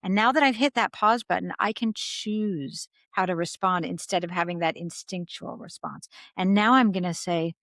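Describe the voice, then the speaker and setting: A woman leadership consultant speaking as a guest in a podcast interview, calm and reflective, sometimes acting out quoted reactions. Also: lowish voice, moderate pace, few pauses, no room sound.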